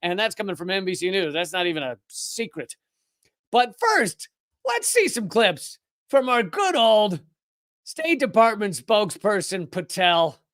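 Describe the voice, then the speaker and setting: Sarcastic high-voiced male commentary host. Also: huge pitch swings, fairly bright tone, no echo. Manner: sarcastic, rapid-fire, with frequent restarts. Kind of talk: live news commentary monologue.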